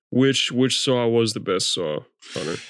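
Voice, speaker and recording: A mid-pitched man on a podcast, speaking in a dry, close-miked voice. He asks questions, hesitates and lets his sentences trail off in loose conversation. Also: fairly bright tone, no echo. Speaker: podcast co-host. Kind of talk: casual chat.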